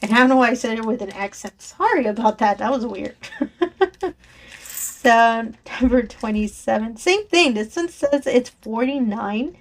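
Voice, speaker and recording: Brief: woman crafting vlogger, voice on the higher side, bubbly and rambling, laughs a lot, talks into a desk mic. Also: expressive, a little slow. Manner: chatty and enthusiastic, frequent laughs and self-corrections. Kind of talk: casual chat while sorting craft supplies. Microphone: desk microphone below a raised camera.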